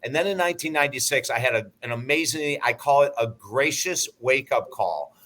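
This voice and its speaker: A man's voice: medium pitch, a little fast. A man in his sixties, a guest in an interview, telling stories bluntly and emphatically, sometimes swearing. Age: 60s. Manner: animated anecdote-teller. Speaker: guest, life coach and broadcaster. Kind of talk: interview storytelling.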